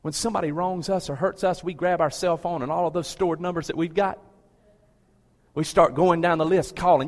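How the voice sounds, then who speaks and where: A pastor preaching to a full church. His slightly high voice carries a long reverb through the big sanctuary. He drops to low, quiet pleas, then climbs to loud, emphatic calls. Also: fairly even intonation, fairly quick. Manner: rhetorical questions to the congregation. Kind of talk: sermon. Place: large church with a balcony.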